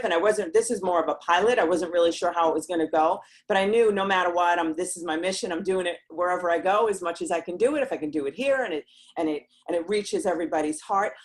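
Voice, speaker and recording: Earnest rambling woman hosting a live stream. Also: on the low side. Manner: earnest, rambling, reads viewer comments aloud; emphatic with rhetorical questions. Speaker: host of a women's group live stream. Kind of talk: live-streamed motivational talk.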